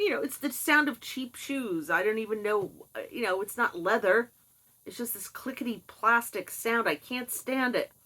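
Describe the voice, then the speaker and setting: An older woman telling a personal story in a casual, candid way, with animated asides and laughs. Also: mid-range voice, low-quality recording. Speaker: vlogger sharing personal experience.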